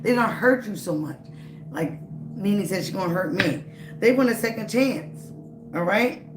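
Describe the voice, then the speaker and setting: A woman's voice: medium pitch, expressive, a little slow, music in the background. A woman giving a live-streamed tarot reading. She talks emphatically and repeats herself, speaking straight to the viewer. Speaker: tarot reader. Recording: roomy, noisy background.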